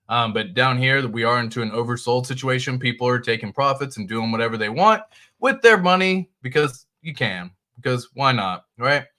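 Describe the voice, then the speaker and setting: A man hosts a casual crypto livestream, walking through charts and calling out viewers in the chat. His voice is bright and forceful, and his talk stays loose and conversational. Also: medium pitch. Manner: casual, loose, talks straight to viewers and reads chat aloud. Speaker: crypto channel host. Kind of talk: casual livestream market commentary.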